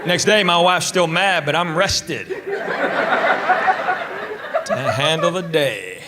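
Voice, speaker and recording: A man's voice: a little high, very animated, slow pace. A man doing stand-up comedy and crowd work, with a dry, mock-insulting way of teasing the audience. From Tennessee. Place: live comedy stage. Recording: loud background noise on stage.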